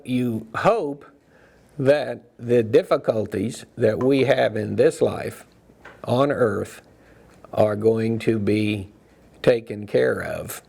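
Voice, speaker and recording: A man leading a Bible study, talking in a reflective, loose way with frequent pauses and restarts. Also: lowish voice, creaky, darkish tone, breathy edge. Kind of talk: casual teaching talk.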